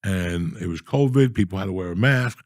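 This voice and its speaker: A man in his sixties telling profane, animated stories in a casual comedic chat, often ranting in mock outrage. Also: low-pitched, fairly quick, no room sound, clean studio sound. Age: 60s. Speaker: podcast guest storyteller.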